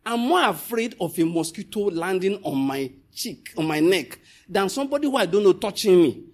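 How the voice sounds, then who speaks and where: A man preaching a sermon, telling stories and scolding his listeners, with a husky voice. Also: moderate pace. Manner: animated, swings from loud scolding to low storytelling.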